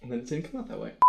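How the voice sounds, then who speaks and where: A man's voice: medium pitch, creaky, heavy background noise. A man reading a video script in outtakes, giggling, stumbling and restarting lines, with playful self-mocking asides.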